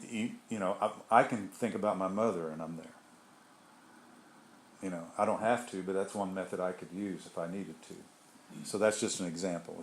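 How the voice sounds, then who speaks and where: Leading a group, this man gives a loose, chatty spiritual talk, often restarting and wandering into asides. His voice sits low, with a little background noise in the recording.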